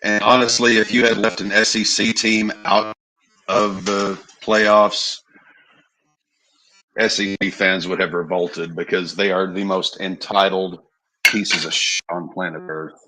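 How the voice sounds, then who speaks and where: A man's voice: deep voice, level tone, measured pace, sharp tone, faint music behind, low-quality recording. A man co-hosting a podcast, talking casually with blunt, profane sarcasm. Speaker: podcast co-host. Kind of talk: casual chat.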